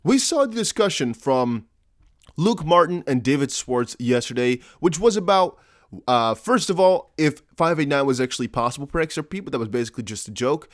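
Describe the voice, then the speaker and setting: A man's voice: on the high side, animated, normal speed, dry recording, studio quality. A man with an American-ish accent hosting a casual crypto vlog, chatty and rambling, with jokey asides. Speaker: crypto YouTuber.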